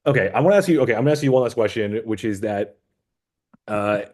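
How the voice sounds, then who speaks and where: A man's voice: on the low side, lively intonation, fast talker, a little mellow. A man interviewing a filmmaker in a casual, rambling chat full of fillers. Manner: chatty, rambling with many fillers. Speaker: festival programmer interviewing a filmmaker.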